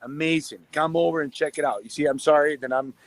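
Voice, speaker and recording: A man roving an outdoor farmers market for a live show, talking excitedly as he walks. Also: fairly high pitch, fast talker. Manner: excited, talks while walking. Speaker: roving reporter. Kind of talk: live on-location chat.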